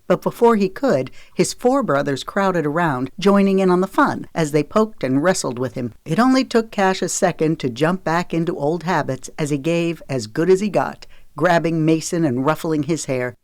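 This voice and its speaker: A woman narrating a romance audiobook in a steady, measured storytelling voice on a close studio mic. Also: low voice, no echo. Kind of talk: scripted narration.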